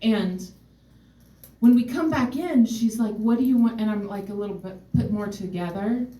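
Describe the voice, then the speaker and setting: A woman's voice: mid-range voice, normal speed, mellow. A woman telling a personal story on stage, candid, wry and emotionally open. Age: adult, mother of a son. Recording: roomy hall, mic far off.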